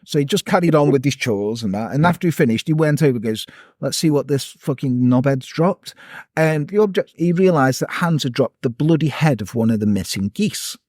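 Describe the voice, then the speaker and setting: A man's voice: fairly high pitch, lively intonation, fast talker, few pauses, darkish tone, no room sound, clean studio sound. A man casually telling a true-crime story on a podcast, sweary and jokey.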